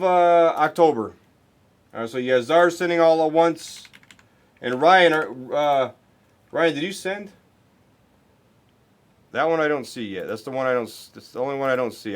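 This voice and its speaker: A man hosting a live card break, chatting casually and rambling to viewers with many restarts. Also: mid-range voice. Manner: rambling, talks to chat viewers, restarts often. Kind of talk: casual livestream chat.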